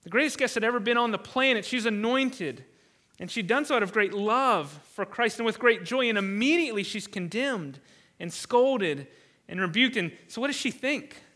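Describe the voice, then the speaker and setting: A man's voice: high voice, animated, normal speed, bright, forceful tone. A man preaching a sermon as pastor, earnest, often repeating words and briefly acting out the voices he quotes.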